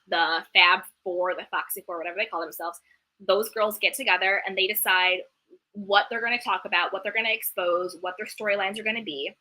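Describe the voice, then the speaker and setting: A woman hosting a reality TV recap, ranting in an indignant, animated way and dropping a lot of "like" as she goes. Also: mid-range voice. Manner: indignant, animated, talks fast with filler "like". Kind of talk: heated commentary rant.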